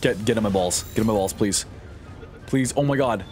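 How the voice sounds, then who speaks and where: A man's voice: fairly low pitch, a little fast, a little mellow, faint music behind. A man streaming a game live, joking and swearing as he talks to his chat and the game characters.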